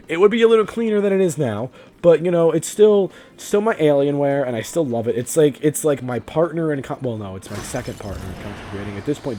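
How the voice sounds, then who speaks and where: A young man from Vermont rambling and swearing through a casual game commentary, self-deprecating and quick to laugh. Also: on the high side, a little mellow. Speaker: let's play commentator.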